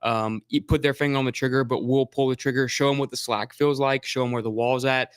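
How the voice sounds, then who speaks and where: A man with a bright, crisp voice chats about teaching new shooters, hesitating often and restarting his sentences. The recording is dry and close to the mic. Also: medium pitch, level tone, fast talker, few pauses, no echo. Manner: chatty, hesitant, full of fillers and restarts. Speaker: firearms instructor. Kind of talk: casual explanatory chat.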